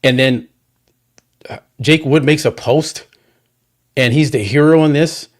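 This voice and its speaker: A man's voice: on the high side, a little slow. A male podcast host talking casually and animatedly, often restarting his words as he backs up his guest. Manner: animated, repetitive restarts, supportive.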